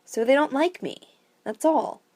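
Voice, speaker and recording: A woman's voice: high-pitched, a little slow, mellow, voice pushed up. A woman reading the lines of a bullied young girl in her own voice, earnest and frustrated. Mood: upset.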